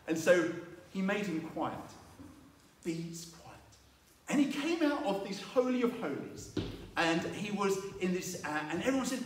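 Male preacher, slightly high voice, animated sermon delivery, roomy distant sound. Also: measured pace, slight background noise. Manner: animated storytelling, acting out biblical voices. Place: church. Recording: echoey room, mic at a distance.

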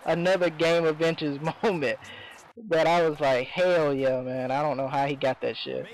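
A man commentating his own video game match, swearing often and swinging between excitement and exasperation. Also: fairly high pitch, normal speed, low-quality recording. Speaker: gameplay commentator.

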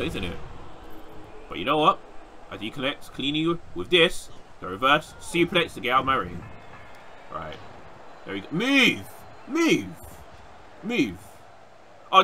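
Excitable young man gaming. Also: mid-range voice, slight background noise. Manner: excitable, yelling at opponents. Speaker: gaming YouTuber. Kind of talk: casual gameplay commentary.

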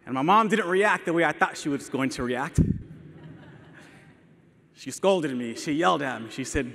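With a gravelly, fairly bright mid-range voice, the young El Paso, Texas teacher talks at normal speed, leaving long pauses during his emotional, self-mocking storytelling keynote. He addresses an audience in a large hall, and the recording carries long reverb.

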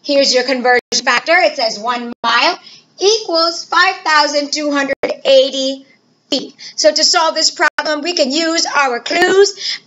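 A woman teacher giving a recorded math lesson to children, playful and animated, asking questions and answering them herself. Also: high voice, dull audio.

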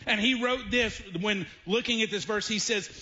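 A pastor with a Southern US accent preaching a sermon in a church, speaking emphatically and slowing down to stress key phrases. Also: male voice, high voice, pushed and bright, highs cut off. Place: church sanctuary.

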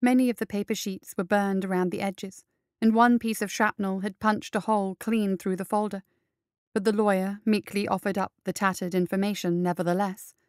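A woman narrating an action story in a steady, measured reading. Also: mid-range voice, clear, resonant tone, no room sound, clean studio sound.

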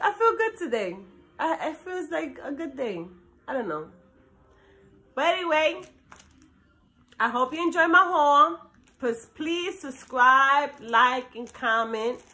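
A middle-aged woman from Brooklyn with a New York accent, chatting casually to her viewers in a talkative, animated way. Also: high voice. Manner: chatty, animated, talks fast and drifts between topics. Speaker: vlogger. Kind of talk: casual chat to camera.

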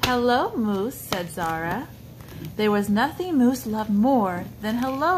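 Animated woman reading to a toddler. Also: fairly high pitch, unhurried, slight background noise. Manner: sing-song, coaxing, points at pictures and asks the child questions. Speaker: storybook reader for a child. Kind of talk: reading a picture book aloud to a toddler.

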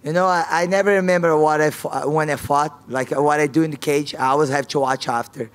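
A woman's voice: sits low, steady tone, a little fast. A woman fighter at a press conference, speaking frank, non-native English with broken grammar and repeated key words.

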